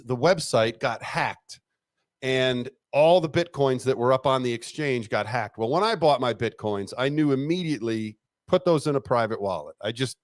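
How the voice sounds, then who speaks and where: Lively middle-aged man telling a story. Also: mid-range voice, no echo, clean studio sound. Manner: animated, laughs often, swears freely. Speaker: interview guest, retired police detective. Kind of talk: casual storytelling interview.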